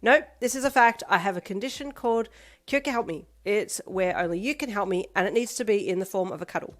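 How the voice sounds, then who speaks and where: A woman voicing a playful, energetic teenage girl who talks loudly and teases. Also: medium pitch, fairly quick, lightly acted. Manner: bright, loud and teasing.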